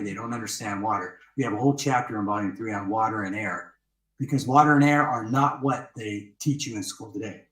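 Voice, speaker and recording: A man presenting a webinar, teaching emphatically and repeating his points with rhetorical questions. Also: medium pitch. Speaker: webinar presenter walking through his book. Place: outdoors with trees behind him. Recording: echoey sound, voice distant from the mic.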